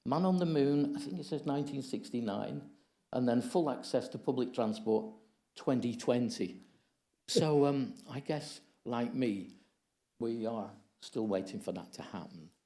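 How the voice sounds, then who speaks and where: A man giving a measured lecture at a conference, reading from his slides and adding anecdotes. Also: mid-range voice, vocal fry, mellow. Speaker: conference speaker. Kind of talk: lecture presentation.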